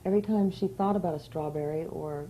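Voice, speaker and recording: A woman from New York City, an actress guest answering softly and agreeably. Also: sits low, fast talker, lo-fi sound, slight background noise. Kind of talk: casual interview chat.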